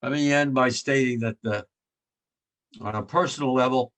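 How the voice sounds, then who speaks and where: A man's voice: medium pitch, moderate pace, fairly bright tone. A man in his nineties giving a blunt remembrance talk as a war veteran, repeating his points with rising force. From United States. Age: 90s.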